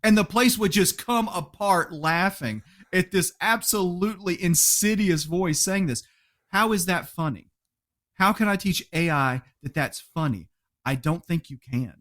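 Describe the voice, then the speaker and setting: A man who is a podcast guest, chatting casually, telling animated stories, laughing often and acting out quotes. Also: a little high, measured pace. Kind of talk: casual interview chat.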